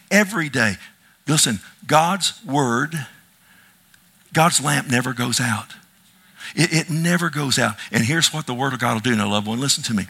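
Bright-voiced pastor preaching with emphasis. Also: male voice, medium pitch. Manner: animated, repetitive emphasis with asides and self-deprecating humor. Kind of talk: sermon.

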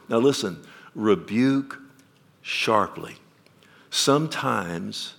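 A male pastor, preaching a sermon. He questions the congregation and swings from loud emphasis down to quiet. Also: on the low side, vocal fry.

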